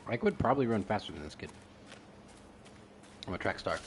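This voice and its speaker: A man's voice: on the low side, lively intonation, brisk, slight background noise. A young man giving casual commentary over a horror game, joking and reading game text aloud. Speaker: gaming youtuber.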